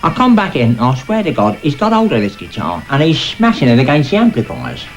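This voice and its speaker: A grumbling storyteller. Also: male voice, fairly high pitch, big pitch swings, fairly quick, faint music behind, rough recording. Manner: grumbling, matter-of-fact, colloquial. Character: grumbling old-fashioned London man telling a story. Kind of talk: sketch comedy monologue.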